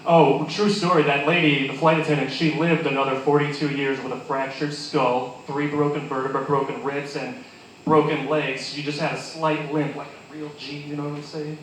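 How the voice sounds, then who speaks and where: A man's voice: a little high, level tone, normal speed, a little hiss or hum. A man performing a crude stand-up comedy set at a pub, rambling and laughing at his own jokes. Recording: echoey pub room.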